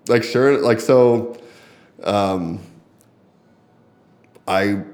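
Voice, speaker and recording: Guy on a podcast telling a story, slightly low voice, keeps quoting people and laughing. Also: drawn-out words. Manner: lively anecdote-telling, quoting others with laughs and fillers. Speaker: podcast guest, fighter. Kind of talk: casual storytelling in conversation.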